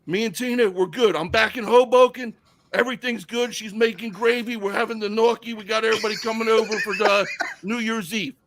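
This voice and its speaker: A man voicing a heartbroken man who whines and cries in a high voice. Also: fairly even intonation, brisk, noisy background. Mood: relieved. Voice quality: high whining. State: crying.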